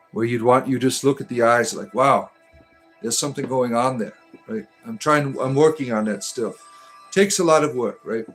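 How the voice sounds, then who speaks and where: A man with a Detroit accent hosting a livestream, reading viewer comments aloud and answering them in a deadpan, tongue-in-cheek mystic persona. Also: medium pitch. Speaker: livestream host.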